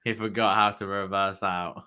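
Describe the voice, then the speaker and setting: A man's voice: on the low side, little pitch movement, normal speed, sharp tone. A man co-hosting a podcast, chatting casually with some hesitation and dry jokey asides. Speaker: podcast co-host. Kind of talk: casual fan review chat.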